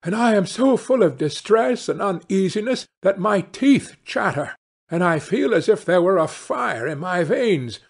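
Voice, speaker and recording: A man's voice: high-pitched, wildly swooping pitch, measured pace, breathy edge, pitched above the performer's own voice, heavily acted. A man voicing a guilt-ridden, fearful stepmother in a fairy tale, talking in a fretful, pleading way.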